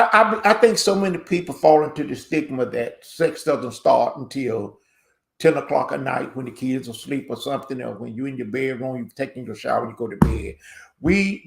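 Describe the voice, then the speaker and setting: Gravelly guy telling a story, kinda echoey room. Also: mid-range voice. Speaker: panel guest. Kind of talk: casual storytelling.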